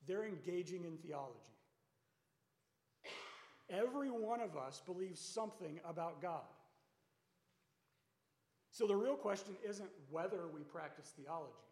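A man's voice: high-pitched, animated, measured pace, long pauses, a little mellow. A man preaching a sermon to his congregation in a conversational way, asking rhetorical questions. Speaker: pastor. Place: church sanctuary. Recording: echoey church sanctuary with long reverb.

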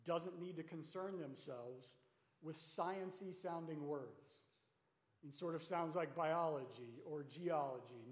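A man preaching a sermon to his congregation in a conversational way, asking rhetorical questions. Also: on the high side. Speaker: pastor. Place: church sanctuary. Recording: echoey church sanctuary with long reverb.

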